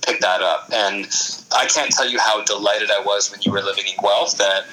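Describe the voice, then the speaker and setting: Bright-voiced, effusive man chatting. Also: fairly low pitch, flat delivery, a little hiss or hum, poor audio. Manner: effusive, warm-hearted, quick to laugh. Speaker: podcast guest. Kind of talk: casual podcast chat.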